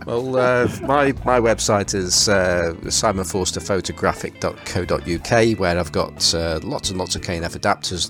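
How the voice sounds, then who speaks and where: A man from England, hosting a podcast in casual, hesitant chat full of fillers. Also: low-pitched. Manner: rambling, hesitant, many fillers. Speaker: podcast host. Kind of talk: casual chat over a call.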